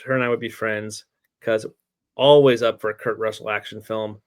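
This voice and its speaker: A man's voice: lowish voice, level tone, moderate pace, clear, resonant tone, no echo, studio quality. A man co-hosting a casual TV review podcast, making short, laid-back remarks. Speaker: podcast co-host.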